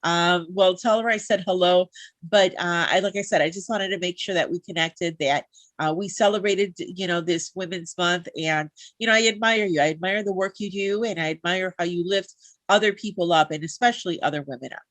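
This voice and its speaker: A woman's voice: fairly low pitch, brisk, fairly bright tone, dry recording. A woman hosting a live interview show, heartfelt and chatty, with many fillers. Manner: heartfelt, lots of fillers and restarts. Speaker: talk show host.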